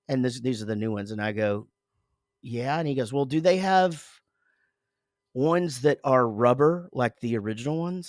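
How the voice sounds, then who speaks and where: A man's voice: medium pitch, moderate pace, a little mellow, no room sound, studio quality. A man in his forties, co-hosting a casual podcast, telling a rambling, profane story about his morning with lots of self-interruptions. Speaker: podcast co-host, father.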